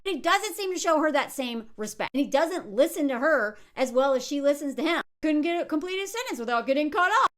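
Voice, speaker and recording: Animated high-voiced woman commentator. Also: moderate pace. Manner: animated, quoting others in mocking voices. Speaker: commentator reviewing a reality show. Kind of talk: casual commentary.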